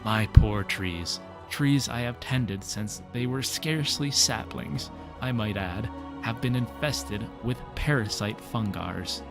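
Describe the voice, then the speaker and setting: A man's voice: medium pitch, takes it slowly, vocal fry, hardly any pauses, music in the background. A man reading a game quest aloud, voicing a hot-tempered male gardener who rants theatrically about pests on his trees. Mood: ranting. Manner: theatrical, ranting with sudden outbursts.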